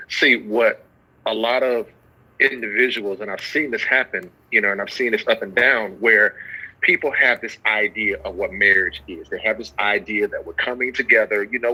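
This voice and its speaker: A man's voice: mid-range voice, pushed and bright, slightly rough, low-quality recording. A man talking about marriage and intimacy in a preaching style, building to emphatic peaks. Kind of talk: preaching talk.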